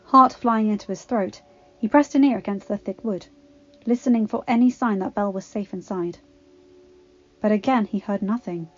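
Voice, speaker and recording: A woman's voice: mid-range voice, moderate pace, highs cut off. Woman narrating a dramatic story. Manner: expressive, dramatic reading. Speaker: fanfiction reader.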